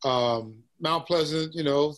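A musician from Texas talks in a Southern accent, his voice sitting a little high for a man. He chats in an easy, laid-back way, often tossing in "man" and "you know.". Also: slow pace, a bit bright. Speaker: musician guest. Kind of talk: casual interview chat.

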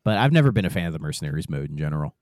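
A man in a casual podcast chat about games, talking in a relaxed, easygoing way with some hesitations. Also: rumbling low, rapid-fire, dry recording, clean studio sound. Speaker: podcast co-host or guest.

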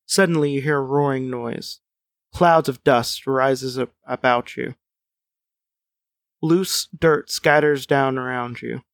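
A man's voice: medium pitch, fairly even intonation, slow pace, creaky, dry recording, studio quality. A man reading a gamebook aloud as a podcast co-host, with wry asides and chuckles. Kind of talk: casual chat and read-aloud narration.

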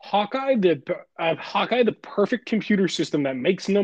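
A man's voice: high voice, sing-song, normal speed, no room sound. A young man co-hosting a casual podcast, heated and given to profane rants. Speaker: podcast co-host.

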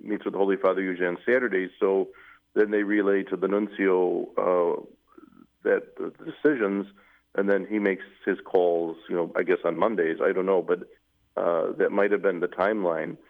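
A man, a newly appointed bishop, recounting his past in an interview in a measured, halting way with many fillers. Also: low-pitched, little pitch movement, creaky. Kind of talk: interview conversation, recounting memories. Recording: phone-like narrow band, radio broadcast.

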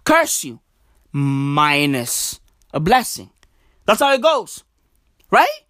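Animated, slangy woman ranting in comedy. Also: sits low, slow pace, no echo, clean studio sound. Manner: slangy, profane, emphatic, repeats catchphrases; drops into soft mock-polite asides. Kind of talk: comedic rant monologue.

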